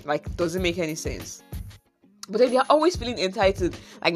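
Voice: mid-range voice, very animated, fairly quick, faint music behind. A vlogger with a Nigerian accent telling a casual, exasperated story and dropping in pidgin slang.

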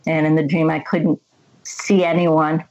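A woman speaks in a low, steady voice that barely rises or falls. She tells her story earnestly and reflectively, like a guest recounting her own experience. The sound is a little dull, as if recorded on modest equipment. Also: measured pace. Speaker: interview guest. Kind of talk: personal faith testimony.

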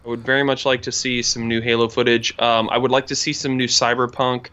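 Brief: male co-host, bright forceful tone, relaxed and hesitant delivery. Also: medium pitch, a little fast, clear, resonant tone. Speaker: podcast co-host. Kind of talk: casual chat.

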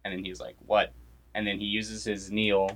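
A man's voice: lowish voice, completely flat delivery, very noisy. A young man casually retelling a made-up movie plot, rambling and laughing often. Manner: rambling, laughs often, quick quoted asides.

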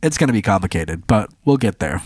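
A man co-hosting a podcast, chatting casually and telling stories with lively acted-out quotes. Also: brisk, slightly rough, dry recording. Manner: animated storyteller, acts out quotes in a high voice. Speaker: podcast co-host. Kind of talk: casual chat.

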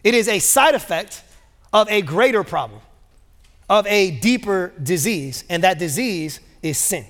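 High-voiced man preaching in a reverberant hall. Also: animated, unhurried, fairly bright tone. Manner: casual storytelling with many fillers. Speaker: pastor. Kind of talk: sermon. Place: large church auditorium. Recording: long reverb of a large church hall.

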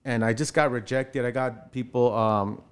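A man in his forties, an actor telling casually how he broke into film, acting out quoted voices with sudden jumps in pitch. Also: moderate pace, clean tone. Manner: animated, acts out quoted voices with jumps in pitch, many fillers. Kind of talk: casual storytelling interview.

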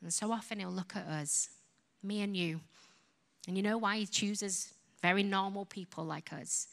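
A woman's voice: mid-range voice, moderate pace, vocal fry. A woman with a Yorkshire accent preaching a sermon, telling stories and acting out her own prayers with passion. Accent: Yorkshire English. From Yorkshire, England. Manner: impassioned, storytelling, acts out prayers to God. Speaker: ministry founder and preacher.

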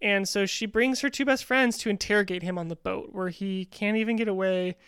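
A woman's voice: mid-range voice, fairly quick, a bit bright, smooth, dry recording, studio quality. A woman co-hosting a podcast, recapping a reality dating show in casual, chatty talk with frequent ums. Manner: chatty, frequent "um" and "you know". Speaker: podcast co-host.

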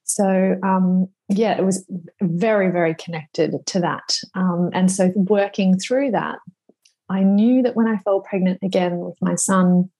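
Husky-voiced woman, slow and reflective. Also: on the low side, fairly even intonation, dark tone. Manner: slow, reflective, emotional at times. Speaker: podcast guest. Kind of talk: conversational interview.

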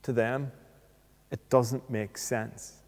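A man preaching a sermon, speaking deliberately and posing rhetorical questions. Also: medium pitch, steady tone, a little mellow. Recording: long reverb of a hall.

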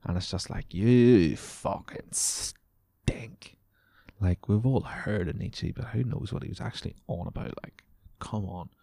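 A man's voice: deep voice, moderate pace, creaky, warm tone, husky, dry recording, studio quality. A young man, a podcast host ranting casually and sarcastically, swearing as he reads news items aloud.

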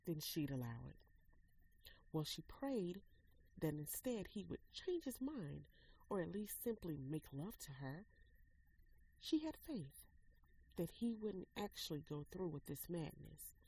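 A woman, the author, reading an excerpt from her own novel in measured narration. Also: on the low side, a little mellow, a little hiss or hum, poor audio. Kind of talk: dramatic story reading.

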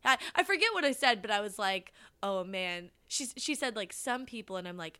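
Woman, casual chat, bright tone, animated storytelling, lots of "like". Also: mid-range voice, moderate pace, few pauses, clear, resonant tone. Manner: animated storyteller, acts out quoted voices, frequent "like".

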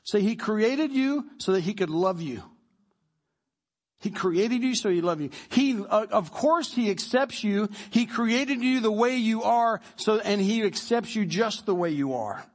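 A man's voice: sits high, animated, a little slow. A male pastor preaching a sermon to his congregation in a joking, conversational way, prompting them to answer back. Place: church service before a congregation.

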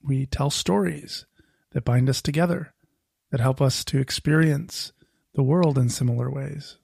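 A man's voice: medium pitch, vocal fry, dry recording, clean studio sound. A man hosting a podcast, telling a reflective monologue in a conversational way, laughing now and then. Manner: conversational, laughs often, lively shifts in emphasis. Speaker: podcast host.

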